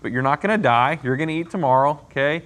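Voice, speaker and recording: A man's voice: fairly high pitch, quick pace, a bit bright, close to an everyday voice. A man voicing God as an exasperated male figure who scolds his people with rhetorical questions.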